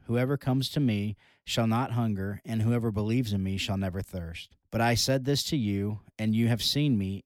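A man's voice: fairly low pitch, no echo. A man co-hosting a casual podcast, reading scripture aloud and bantering with his co-host. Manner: jokey, plays with a mock British voice in the intro.

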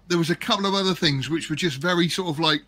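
Bright-voiced man rambling casually. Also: a little high, fast talker. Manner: rambling, hesitant with many ums. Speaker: podcast co-host. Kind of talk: casual movie chat on a live stream.

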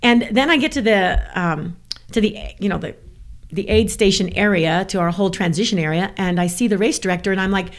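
A woman from the American South, a guest telling a story in casual chat, animated and laughing often. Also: medium pitch, fairly quick.

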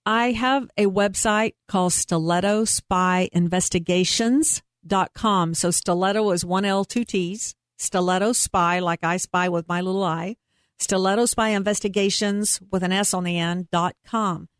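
A woman's voice: medium pitch, fairly even intonation, unhurried, no echo, clean studio sound. A woman working as a private investigator, talking earnestly and emphatically as a guest in an interview. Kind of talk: interview conversation.

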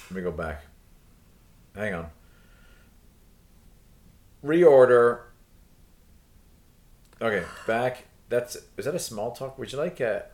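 A low-pitched man with a very lively, swooping delivery, telling stories in relaxed podcast chat. He laughs often and jumps into little character voices as he goes. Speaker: podcast co-host. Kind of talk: casual storytelling chat.

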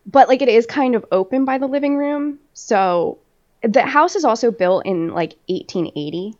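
A woman podcast host tells a story in casual chat, laughing often and swearing freely as she rambles through fillers. Her voice sits a little high and comes through dull, lo-fi audio. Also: animated, moderate pace, darkish tone. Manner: laughs often while telling.

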